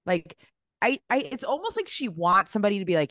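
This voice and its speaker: A woman co-hosting a podcast in casual chat, animated and chatty with lots of filler words. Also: medium pitch, quick pace, no room sound, studio quality. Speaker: podcast co-host.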